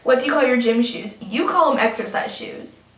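A woman's voice: a little high, expressive, moderate pace, fairly bright tone. A young woman vlogger chatting casually and reading a word list, giggling now and then. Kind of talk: casual chat. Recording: echoey room from far off.

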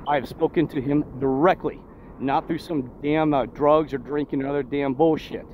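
A man's voice: a little high, steady tone, normal speed. A man vlogging outdoors near a road, indignant and preachy, firing off rhetorical questions. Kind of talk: agitated street vlog monologue. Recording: dull lo-fi phone audio, faint traffic.

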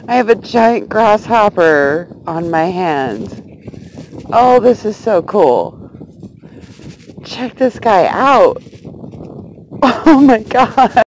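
Giggly, excited woman vlogging outdoors. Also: mid-range voice, extremely slow, long pauses, a little hiss or hum, low-quality recording. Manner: gushing, giggly, talks to a grasshopper. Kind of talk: excited casual vlog. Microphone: handheld phone camera.

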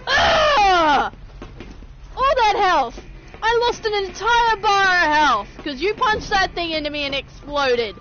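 High-voiced, excitable woman gamer. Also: slow, raised voice. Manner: excitable, swears often, self-mocking. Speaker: gaming streamer. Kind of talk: let's play reactions. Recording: slightly dull stream audio with game music. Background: game music.

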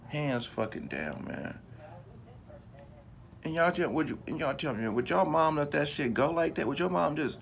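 A man's voice: a little high, normal speed, gravelly, pauses often, slight background noise. A man vlogging in a casual, profane rant, repeating himself for emphasis and talking straight to his viewers. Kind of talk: casual ranting commentary to camera.

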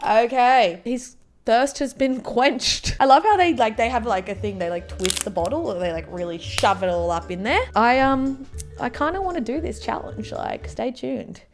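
A woman's voice: a little high, expressive, normal speed, faint music behind. Chatty young woman reacting. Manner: chatty, mock-dramatic, laughing often. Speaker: youtuber reacting to videos. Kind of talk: casual reaction commentary.

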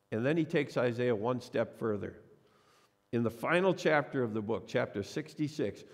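Gravelly-voiced pastor preaching in a reverberant church. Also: male voice, mid-range voice. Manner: storytelling preacher, acts out quoted voices. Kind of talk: sermon. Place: church sanctuary.

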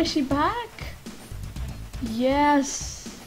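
Speaking slowly with a voice on the high side, a woman from Lithuania offers chatty life-sim commentary in a Lithuanian accent as a gaming YouTuber. She talks to the characters, veering from mumbles to loud protests, over faint game music.

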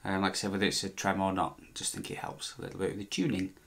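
A man with a lowish voice chats away while he works on a guitar. He rambles, backtracks and corrects himself mid-sentence, and drops in dry asides. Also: monotone, fast talker, vocal fry, a bit bright. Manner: chatty, meandering, self-correcting, dry joking. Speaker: vlogger restoring a guitar. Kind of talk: casual talk while working.

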